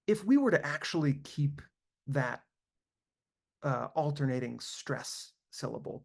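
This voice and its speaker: Man with a gravelly, fry-edged voice. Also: mid-range voice, unhurried. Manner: thoughtful, searching, with frequent fillers and restarts. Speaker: composer giving a lecture. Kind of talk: online lecture. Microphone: computer mic on a video call.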